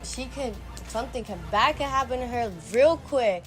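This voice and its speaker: A young woman telling a story on her vlog, casual and animated, full of "like" and slang, bursting into loud quoted lines. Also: fairly high pitch, normal speed, few pauses, faint music behind. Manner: animated, dramatic retelling with sudden loud quoted outbursts; many "like" fillers, slangy talk. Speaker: storyteller vlogger.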